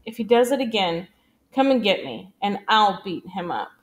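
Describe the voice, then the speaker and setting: A woman's voice: medium pitch, very animated, natural voice. A woman playing a tough, scolding big sister. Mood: protective. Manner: firm, deliberate, scolding. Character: tough protective older sister, a girl.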